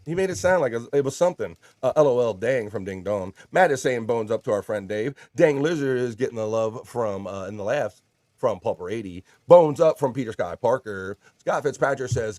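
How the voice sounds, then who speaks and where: A chatty male host runs a casual livestream, reading viewer comments aloud and joking around. His voice sits at an ordinary middle pitch with a dry, close sound. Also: lively intonation, brisk, darkish tone, no echo.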